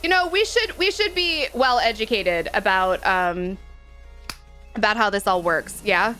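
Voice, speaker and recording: Faint music sits beneath a woman's medium-pitched, animated voice, bright and forceful and delivered at a measured pace. She's livestreaming a game, reading chat, and laughing often as she talks frankly and playfully with viewers like they're friends.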